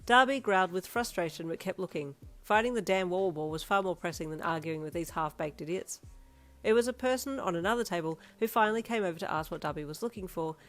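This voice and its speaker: A woman narrating a second-person fan fiction story in a soft, even storytelling manner. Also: lowish voice.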